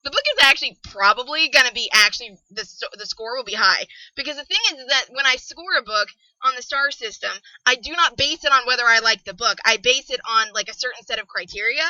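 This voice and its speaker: Woman podcaster, bright and highish, exasperated book rant, lo-fi dry recording. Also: a little fast, few pauses, dry recording. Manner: exasperated, ranting, swears freely. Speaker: book reviewer. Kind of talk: casual podcast review.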